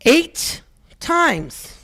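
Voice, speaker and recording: On a historic theater stage before a live audience, a middle-aged woman does a stand-up set, spinning stories full of brassy, self-mocking asides and punchy lines. Her voice is high-pitched and very animated, with a fairly bright tone, and she speaks very slowly.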